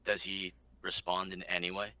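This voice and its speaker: A man's voice: sits low, little pitch movement, moderate pace, sharp tone, smooth. A man playing a tabletop game, plainly describing his character's actions. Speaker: player. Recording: dull dry robotic-sounding audio.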